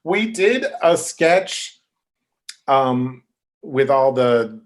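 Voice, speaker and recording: Animated man telling showbiz stories. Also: mid-range voice, very slow. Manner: animated, acts out quoted voices. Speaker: podcast guest. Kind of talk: casual storytelling.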